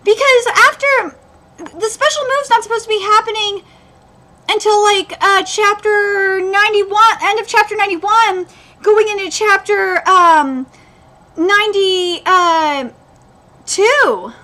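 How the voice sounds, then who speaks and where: Woman, very high voice, bright and sharp, exasperated live reaction rant, swears freely. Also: takes it slowly. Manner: fan checking details against the manga. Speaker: anime reaction host.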